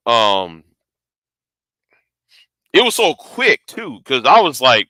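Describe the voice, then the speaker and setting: A man's voice: medium pitch, sing-song, slow, sharp tone, no echo. A man telling a story casually to camera, rambling, swearing freely and often stumbling and repeating words. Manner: rambling, profane, stammering repeats. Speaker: vlogger.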